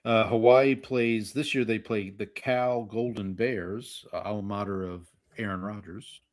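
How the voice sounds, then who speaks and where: A man co-hosting a relaxed sports podcast, running through college bowl games and betting lines. He talks in a wry, joking way and mocks the sponsor names as he goes. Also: on the low side, measured pace. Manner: wry, reads bowl matchups and picks. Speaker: podcast co-host. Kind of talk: casual sports betting chat.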